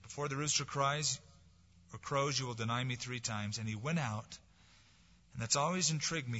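A man's voice: medium pitch, normal speed. Preaching man in a reverberant hall. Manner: dramatic preaching with sudden drops to soft, hushed lines. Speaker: pastor. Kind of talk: sermon. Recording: dull lo-fi sound with long hall reverb.

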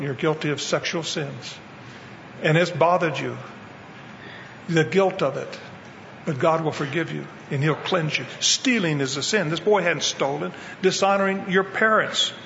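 Male evangelist, earnest direct sermon delivery, gravelly, slightly raised pitch, dull recording in a hall. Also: a bit bright, slight background noise. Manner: earnest preaching, direct address to the congregation. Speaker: evangelist preacher. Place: church in New Mexico.

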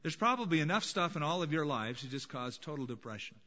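A male pastor preaching a sermon in a dramatic manner, dropping to a hush and then rising to emphatic points. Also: a little high, sing-song, fast, big-room sound, muffled recording. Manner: dramatic, swings between hushed and emphatic.

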